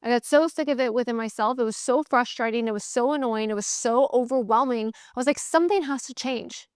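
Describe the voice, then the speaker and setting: A woman's voice: a little high, fairly even intonation, fast, smooth, no echo, clean studio sound. A woman host giving a candid, motivational solo talk, emphatic and repeating phrases in bursts. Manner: candid, swears casually. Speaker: sales coach podcast host.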